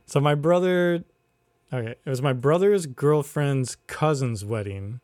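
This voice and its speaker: A man co-hosting a podcast, telling a wild story in a casual, animated way, laughing and swearing as he goes. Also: medium pitch, unhurried, no echo. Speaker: podcast co-host. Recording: loud background ambience.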